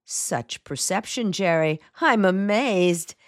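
A woman voicing a spirited young woman who teases with lively, mocking banter. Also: medium pitch, slow pace, no room sound, clean studio sound, pitched above the performer's own voice. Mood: teasing.

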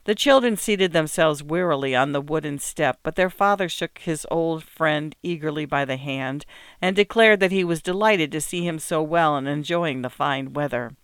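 A man narrating an old-fashioned storybook in a gentle, even, unhurried reading voice. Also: a little high, clean tone, no echo, clean studio sound. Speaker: audiobook narrator.

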